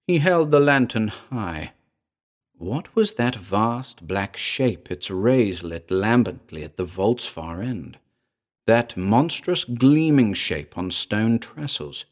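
A man narrating a horror story in a dramatic, expressive reading. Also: fairly low pitch, slow pace. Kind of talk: scripted audiobook narration of a horror tale.

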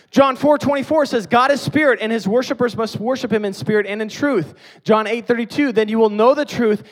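A man preaching a sermon, emphatic, swinging between loud stressed phrases and quiet low passages.

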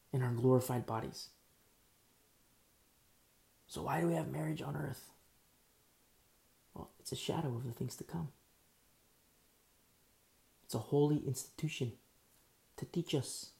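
A man delivers a church sermon with a rough, gravelly edge to his voice. His tone sits warm and dark, and he preaches in an animated way, slipping into the voices of people in the story. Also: on the high side, measured pace, long pauses. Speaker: pastor.

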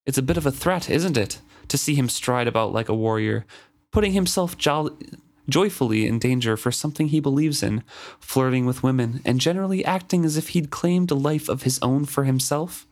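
A man's voice: mid-range voice, moderate pace, a little mellow, voice pushed up, natural voice. A man reading as a sly, needling jester.

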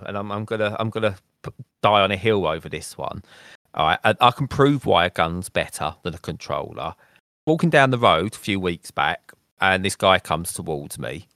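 A man's voice: fairly low pitch, fairly bright tone, no room sound. A man co-hosting a gaming podcast, chatting casually with dry, self-mocking humour. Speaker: podcast co-host.

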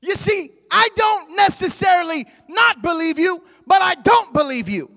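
A skeptical, dismissive ancient king, as a high-voiced preacher puts him on, his words ringing through a large hall with a long echo. He speaks loosely and offhand. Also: lively intonation, normal speed, gravelly, sharp tone, shouting, full character voice. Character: skeptical ancient king, middle-aged man.

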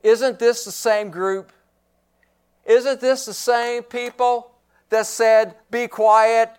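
A man's voice: extremely high pitch, flat delivery, slow, darkish tone, smooth. A man preaching a sermon as pastor, emphatic and given to repeating his phrases.

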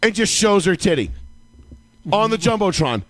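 A man co-hosting a casual sports talk show, telling a long story in a loose, profane way and breaking into yelling when he acts out his own outbursts. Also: high voice, sing-song, normal speed, dry recording. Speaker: podcast co-host.

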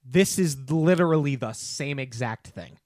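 An opinionated New Yorker co-hosts a podcast of casual reviews, argumentative and full of fillers and restarts. The medium-pitched voice is a little mellow, with lively intonation at a measured pace, in a dry recording.

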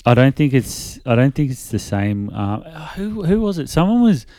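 A man's voice: medium pitch, sing-song, normal speed, warm tone, no room sound, clean studio sound. A man in his thirties from Australia, co-hosting a podcast in loose casual chat, swearing freely and slipping into mock voices when he quotes people. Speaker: podcast co-host.

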